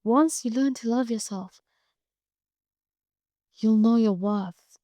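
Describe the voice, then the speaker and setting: A woman's voice: fairly high pitch, takes it slowly, warm tone, dry recording. A woman hosting a podcast solo, talking bluntly and profanely, like a tough-love pep talk. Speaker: podcast host. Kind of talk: casual monologue.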